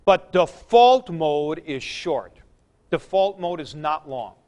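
A man with a high, smooth voice teaches a Greek grammar class. He speaks slowly and patiently, going back over each key point. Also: expressive, a little mellow. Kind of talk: classroom lecture.

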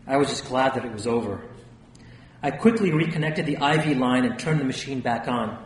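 Narrating his own memoir with tension, this male audiobook reader has a mid-range, animated voice and a fairly quick pace. There's a faint hiss, and the sound is distant and roomy.

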